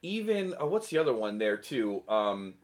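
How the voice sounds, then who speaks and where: A man's voice: on the low side, sing-song, normal speed. A man co-hosting a casual livestream chat, chatty and laughing often, with many fillers. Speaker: livestream co-host.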